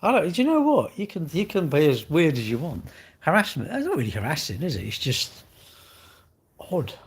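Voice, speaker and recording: Husky English man chatting on a livestream. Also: a little high, huge pitch swings, normal speed. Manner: rambling, chatty, mocking. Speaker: livestream host. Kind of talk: casual chat reading live comments.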